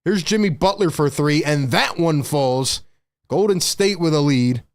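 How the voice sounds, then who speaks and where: A young man doing excited live play-by-play commentary as a stream host, breathless and excitable, talking straight to his chat. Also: fairly high pitch, unhurried.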